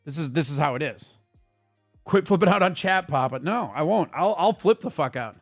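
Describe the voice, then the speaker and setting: A man hosting a casual livestream, ranting at his chat in a quick, profane and heated way. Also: on the high side, animated, no room sound, clean studio sound, soft background music. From Italian heritage. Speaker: streamer host.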